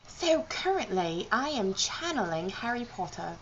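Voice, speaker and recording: A woman vlogging about books in a deliberately put-on British accent, rambling and poking fun at herself with plenty of "I mean" and "like". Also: on the high side, sing-song, a bit bright, lo-fi sound, a little hiss or hum. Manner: rambling, self-mocking, heavy on fillers like "I mean" and "like". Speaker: book vlogger. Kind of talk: jokey rambling vlog.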